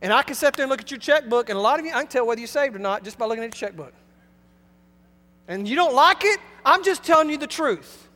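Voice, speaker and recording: A male pastor delivering an emphatic sermon, swinging between loud and hushed. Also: very high-pitched, animated, quick pace. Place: church sanctuary. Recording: long hall reverb.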